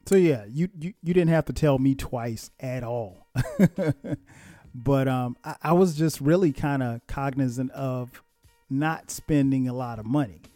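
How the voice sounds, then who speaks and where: A middle-aged man hosting a podcast, telling a relaxed, self-mocking story about his past and chuckling often. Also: mid-range voice, a little slow, dry recording, faint music behind. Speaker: podcast host.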